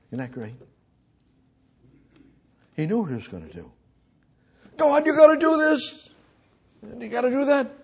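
Husky male preacher, slow and emphatic, lively pitch, repeats himself. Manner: emphatic, repetitive, restarts and stammers. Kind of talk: sermon.

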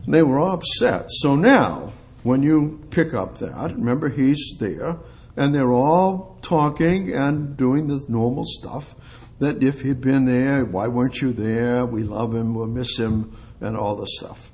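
A man preaching an expository sermon, reading scripture aloud as he goes. His delivery swings from loud, emphatic peaks down to low, quiet stretches. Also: unhurried.

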